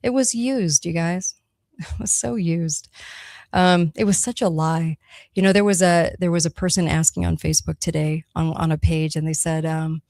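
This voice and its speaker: A woman with a lowish voice hosts a talk radio show on her own. She talks emphatically and conversationally and keeps checking in with her listeners. The sound is dry and close, with no room around it. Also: steady tone, normal speed, vocal fry, a little mellow, no room sound. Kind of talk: solo talk radio monologue.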